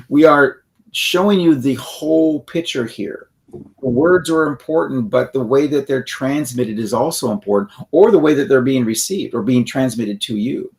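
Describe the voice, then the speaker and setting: A man's voice: mid-range voice, gravelly. A man co-hosting a self-help podcast, explaining ideas in a loose, rambling way and acting out example phrases. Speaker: podcast co-host. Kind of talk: conversational teaching.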